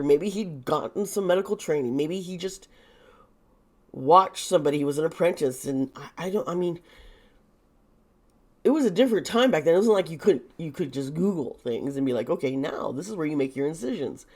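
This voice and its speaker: A woman who hosts videos gives a casual tarot reading, thinking aloud with many restarts and sounding a bit nervous and uneasy. Her fairly low voice is animated and darkish in tone, at a normal speed.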